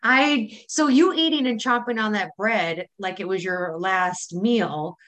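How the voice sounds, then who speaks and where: A woman's voice: mid-range voice, a little slow, fairly bright tone. A woman from Wisconsin with a Wisconsin accent, chatting casually as a podcast co-host and laughing easily. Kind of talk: casual chat.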